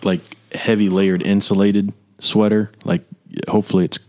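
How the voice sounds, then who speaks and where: A man, easygoing and quick to react in a casual co-hosted chat. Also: on the low side, level tone, a little mellow. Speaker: podcast co-host.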